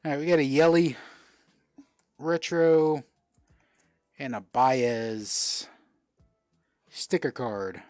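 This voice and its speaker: A man's voice: medium pitch, fairly even intonation, extremely slow, long pauses, darkish tone, no room sound, clean studio sound. A man from South Florida hosting a casual live-stream card sale, chatting and answering viewer comments as he goes. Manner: chatty, reads out and answers viewer comments while selling cards.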